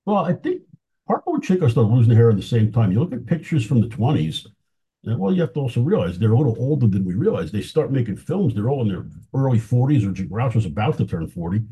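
A man with a very dark, husky voice talks as an interview guest, sharing anecdotes with real enthusiasm. His pitch swings widely as he tells stories, and he chuckles now and then. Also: big pitch swings, fast talker. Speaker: film historian guest. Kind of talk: casual interview chat.

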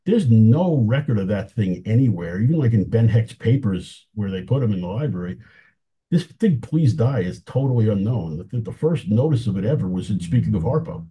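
A man's voice: lowish voice, animated, fairly quick, husky, highs cut off. A man talking casually as an interview guest, telling anecdotes with enthusiasm and chuckling now and then. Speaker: film historian guest.

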